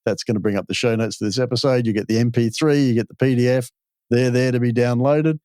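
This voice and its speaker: An Australian man hosts a podcast interview, talking through ideas with patient, folksy explanations. His voice sits at a middling pitch for a man. The recording is dry and close, with no room sound. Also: fairly even intonation, fast talker, darkish tone, no room sound. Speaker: podcast host.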